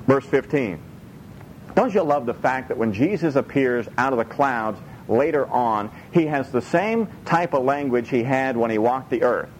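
A man preaching a sermon in an animated way, acting out voices from the Bible and laughing often. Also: mid-range voice, normal speed, a little hiss or hum, low-quality recording. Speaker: pastor.

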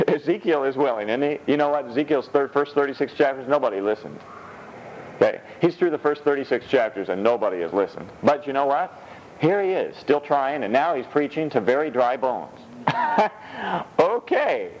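A man preaching a sermon in a church, reading scripture with animated, rising delivery. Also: highs cut off, a little hiss or hum. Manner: animated, rises high when reading scripture.

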